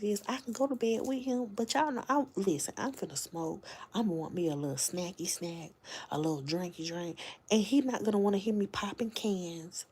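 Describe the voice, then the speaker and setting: On a casual late-night livestream from home, shot on a phone, a woman who hosts and reads chats with her viewers in a slangy way, often dropping to a whisper. Her voice is mid-range and darkish in tone, with a breathy edge.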